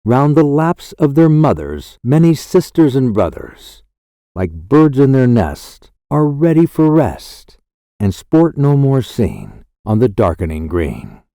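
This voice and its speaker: A man recites poetry for an audiobook at an unhurried, deliberate pace. His voice is mellow and warm, and it rises and falls widely through each line. The recording is dry and close, with no room sound. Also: medium pitch, big pitch swings, no echo. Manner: slow, measured, lilting recitation. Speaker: audiobook narrator. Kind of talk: scripted poetry reading.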